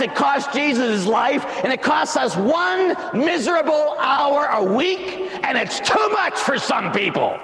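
Man, priest, dramatic sermon, emphatic, lively pitch, echoey church. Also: a little slow, gravelly, hardly any pauses. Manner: dramatic, emphatic, building to shouts.

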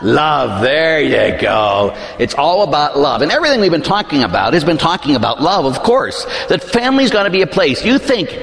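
A man preaching a sermon as a pastor, acting out voices in his stories and dropping low and intense for emphasis. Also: sing-song, normal speed, gravelly, few pauses, a bit bright. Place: church. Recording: church hall reverb.

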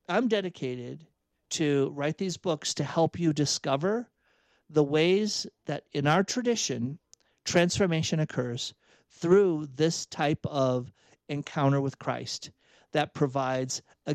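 A man's voice: a little high, a little mellow, no room sound. A man giving an earnest, emphatic spoken reflection on Catholic faith, repeating phrases for emphasis. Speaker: Catholic speaker and author.

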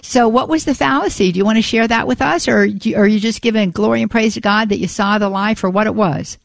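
Woman radio host praying out loud, earnest, keeps saying father god, dry close sound. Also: medium pitch, fast, vocal fry, dry recording. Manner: earnest, repeats "Father God", frequent restarts. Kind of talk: spoken prayer and call-in radio chat.

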